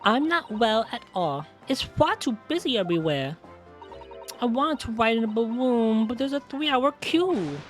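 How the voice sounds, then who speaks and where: Man playing a haughty noble lady, petulant, drawn-out, high and lively. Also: soft background music. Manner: petulant, affected. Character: haughty, spoiled young noblewoman.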